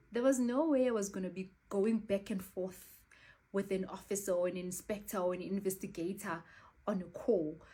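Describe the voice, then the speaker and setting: A South African woman telling a scam story in a casual, animated, exasperated way, acting out both sides of the call. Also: mid-range voice, slightly rough. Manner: animated, exasperated retelling with quoted dialogue.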